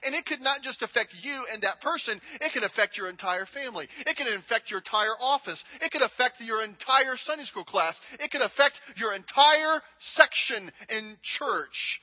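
A man's voice: very high-pitched, animated, normal speed, few pauses. A man in his thirties preaching a sermon as a pastor, earnest and repeating phrases for emphasis. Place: church sanctuary. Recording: dull reverberant church hall recording.

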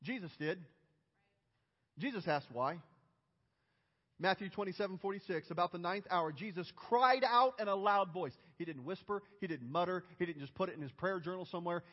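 A high-pitched male pastor delivers an emphatic sermon that swells into loud cries. His voice rings with a long hall reverb. The sound is muffled and dull. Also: expressive, brisk. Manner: emphatic, building to loud outcries.

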